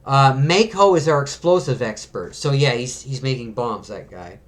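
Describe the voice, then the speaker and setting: A man's voice: mid-range voice, lively intonation, normal speed. Chatty man reading a comic aloud. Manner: chatty, many fillers and restarts, chuckles. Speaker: comic book video host. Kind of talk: casual read-aloud comic review.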